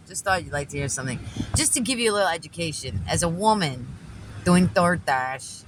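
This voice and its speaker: A woman telling a story in a loud, animated, profane way, recorded in a car. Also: low voice, brisk, background noise. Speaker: delivery driver and vlogger. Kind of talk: casual storytelling.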